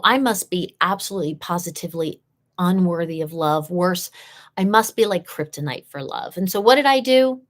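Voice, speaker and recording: A woman hosting a live session, telling a personal story in an earnest way and repeating key phrases for emphasis. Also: on the low side.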